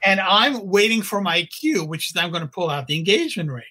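An older man spins a casual story, bright and a little husky in tone. He acts out quotes and laughs along with his own telling. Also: high-pitched, animated, brisk, low-quality recording. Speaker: storyteller guest.

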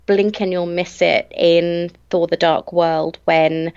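A woman co-hosting a casual podcast, chatting with eager fan enthusiasm. Her voice sits a little low, and her mic sounds dull and lo-fi. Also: fairly even intonation, slow pace, a little mellow, clear, resonant tone. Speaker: podcast co-host. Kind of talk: casual chat.

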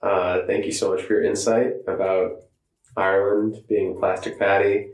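A man's voice: deep voice, little pitch movement, moderate pace, a little mellow, faint music behind. An American man hosting a podcast, teasing his guest with short joking remarks. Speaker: podcast host. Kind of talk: casual podcast chat. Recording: roomy echo.

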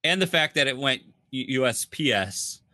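Man, bright tense tone, wisecracking podcast co-host. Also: medium pitch, animated, no room sound. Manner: joking, quick with movie quips. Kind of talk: casual chat.

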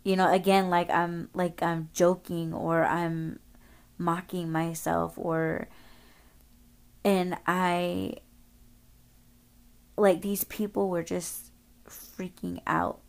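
A woman's voice: lowish voice, flat delivery, slow, gravelly, pauses often. A woman podcast host telling a story casually, rambling, swearing often and using lots of filler words.

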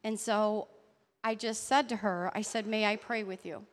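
A woman telling a personal faith story in an earnest, halting way. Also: medium pitch, fairly even intonation, in a large hall. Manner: earnest, halting storytelling with restarts and soft laughs. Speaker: church member sharing a testimony. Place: church hall.

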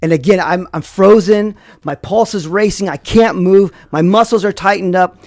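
A man telling a personal story in a slow, dramatic way, full of fillers. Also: high-pitched, a little mellow, dry recording, studio quality. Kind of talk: first-person spoken storytelling.

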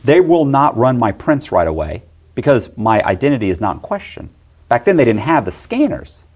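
A middle-aged man with a voice of ordinary pitch tells a story from his own life. He talks casually and with energy, and he often slips into quick, lively impressions of the people in it. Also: slightly rough. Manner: animated, acts out other people's lines in quick voices. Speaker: guest telling a personal story.

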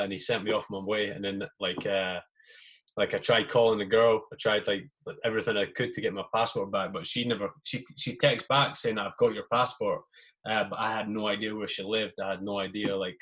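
A man's voice: on the low side, fairly even intonation, a little fast, a bit bright. A man and podcast host who tells army anecdotes in a casual, swearing way and acts out the voices of the people in them. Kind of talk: casual storytelling.

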